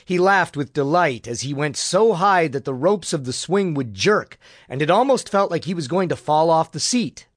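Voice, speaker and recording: A man narrates a children's story at an even, measured pace. His voice sits a little high and moves a lot in pitch. The recording is dry and close. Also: no echo. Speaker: audiobook narrator. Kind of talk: scripted narration.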